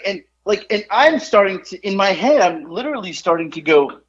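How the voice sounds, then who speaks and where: A man talks through a story with a lively, swooping voice that sits a little high for a man. He rambles, piles on fillers and keeps laughing at his own tale. The sound is dull and lo-fi. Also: fairly quick. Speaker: podcast co-host telling a story. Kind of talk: casual storytelling chat.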